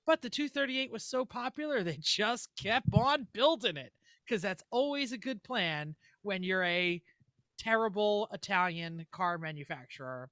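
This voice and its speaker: A man's voice: high-pitched, lively intonation, normal speed, pushed and bright, dry recording, studio quality. A man co-hosting a casual racing podcast, joking and rambling as he reads notes. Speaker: podcast co-host. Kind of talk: casual chat.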